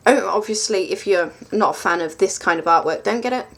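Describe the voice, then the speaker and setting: A woman's voice: mid-range voice, brisk, fairly bright tone. A woman chatting casually through a tarot deck review, rambling and self-mocking with lots of ums.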